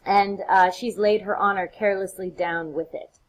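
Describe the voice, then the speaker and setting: A woman's voice: mid-range voice, steady tone, moderate pace, poor audio. Female lecturer, easygoing, retells each scene in everyday words with playful asides. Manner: casual, retells scenes with playful acted quotes. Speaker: literature lecturer. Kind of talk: recorded lecture.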